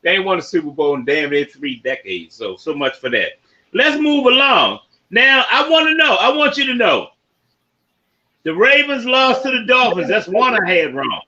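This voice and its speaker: A man hosting a casual sports podcast, running through football results and giving shout-outs to listeners by name. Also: high-pitched, big pitch swings, normal speed, lo-fi sound. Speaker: podcast host.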